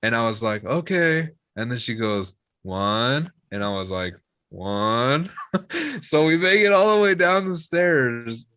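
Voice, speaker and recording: A man's voice: mid-range voice, normal speed, few pauses, dry recording. A young man, a musician guest, casually telling a rowdy drinking story, swearing freely and acting out the people he quotes. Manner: swearing, lively retelling with quoted voices.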